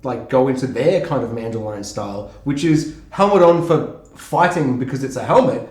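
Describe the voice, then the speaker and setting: A man co-hosting a podcast in casual chat, excitable and swearing freely as he acts out lines. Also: medium pitch, moderate pace. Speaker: podcast co-host. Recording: echoey room.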